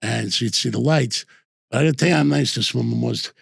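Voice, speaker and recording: Gravelly older New storyteller man. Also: mid-range voice, fast. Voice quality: gravelly, husky. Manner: rambling anecdotes with repeated "I says" and restarts. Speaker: host and former bookmaker. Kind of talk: casual storytelling.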